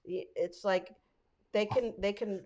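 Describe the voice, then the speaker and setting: A woman's voice: mid-range voice, fairly even intonation, a little slow, a little mellow, highs cut off. A woman hosting a casual podcast, chatting and telling a story. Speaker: podcast host. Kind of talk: casual chat.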